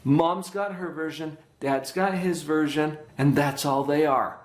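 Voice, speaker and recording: A man's voice: a little high, steady tone, measured pace. Earnest man lecturing in an echoey room. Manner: earnest, teacherly, checks in with the audience. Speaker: workshop presenter, psychologist. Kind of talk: parenting workshop lecture.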